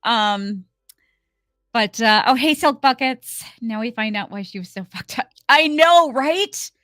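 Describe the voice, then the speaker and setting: A woman's voice: mid-range voice, unhurried, fairly bright tone, no echo, clean studio sound. A woman hosting a casual live stream, chatting to viewers and greeting them by name with lots of fillers. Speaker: livestream host.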